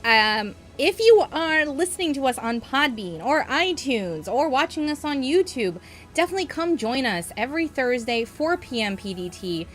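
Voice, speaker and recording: A young woman co-hosting a podcast in casual chat, bubbly, laughing often and trailing off mid-sentence. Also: sits high. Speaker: podcast co-host.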